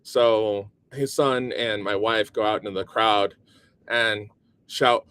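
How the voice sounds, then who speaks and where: A man as a guest in a casual interview, relaxed and thinking aloud with plenty of ums. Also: fairly low pitch, slow pace, smooth, no room sound, studio quality.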